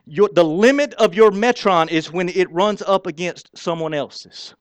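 Folksy preaching man, slightly high voice. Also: measured pace, smooth, no room sound, clean studio sound. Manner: folksy, emphatic preaching with casual slang. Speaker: pastor. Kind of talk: sermon.

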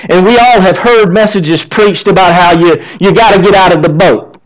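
A man's voice: high-pitched, moderate pace, hardly any pauses, poor audio. A male pastor preaching a sermon, asking the congregation rhetorical questions. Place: church.

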